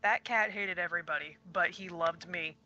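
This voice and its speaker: A woman's voice: on the low side, moderate pace, dull audio, heavy background noise. A woman guest chatting casually on a stream, giggly and talkative. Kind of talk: casual chat.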